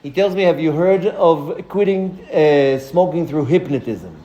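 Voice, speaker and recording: A man, a rabbi, giving a lecture as a lively personal story, acting out the voices of the people in it. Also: fairly high pitch, a little slow, highs cut off. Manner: animated storyteller acting out dialogue.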